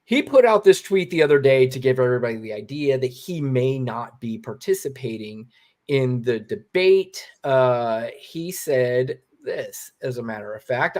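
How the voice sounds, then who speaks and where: A man's voice: mid-range voice, lively intonation, unhurried, darkish tone. A man co-hosting a casual political commentary show, blunt and swearing, reading quotes aloud. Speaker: co-host.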